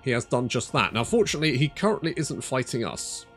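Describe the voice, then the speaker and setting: A man talking through a strategy game he is playing, thinking out loud and rambling, with the odd swear word slipped in. His pitch is middling, but his delivery is lively and bounces up and down a lot. He often stops to correct himself mid-sentence. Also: quick pace, soft background music. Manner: casual, thinks aloud, swears, self-correcting. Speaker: gaming YouTuber. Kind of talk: strategy game let's play commentary.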